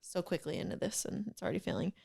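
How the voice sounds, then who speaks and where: A woman's voice: lowish voice, fast, vocal fry, dark tone. A young woman co-hosting a podcast, chatting casually and giggling, rambling with lots of fillers. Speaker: podcast co-host. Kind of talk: casual chat.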